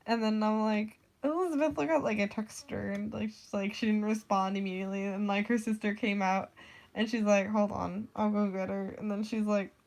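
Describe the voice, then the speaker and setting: A woman's voice: medium pitch, fairly even intonation, a little fast. A young woman telling stories in a rambling, casual way, swearing freely and saying "like" constantly. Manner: rambling, profane, lots of "like". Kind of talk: casual storytelling vlog.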